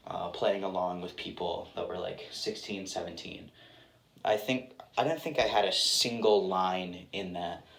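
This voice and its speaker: A man's voice: low voice, gravelly. A young adult man answering interview questions in a casual, rambling way. He uses lots of filler words and pokes fun at himself. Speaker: actor guest. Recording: roomy with faint background noise.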